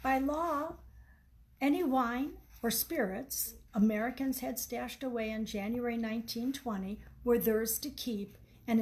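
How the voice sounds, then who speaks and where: A woman reading aloud from her own book in a measured, explanatory way. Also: a little high, a little mellow, poor audio. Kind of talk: storybook reading.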